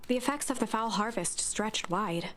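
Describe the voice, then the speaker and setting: A woman narrating a story game in a calm, dry storybook tone. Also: mid-range voice, normal speed, slight background noise.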